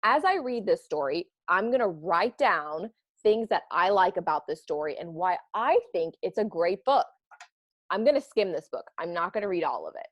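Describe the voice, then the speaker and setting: A woman teacher giving a read-aloud writing lesson for children, animated and expressive, a parent herself. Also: fairly low pitch, normal speed, no echo. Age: adult, parent of children. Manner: animated, expressive, bursts of excitement.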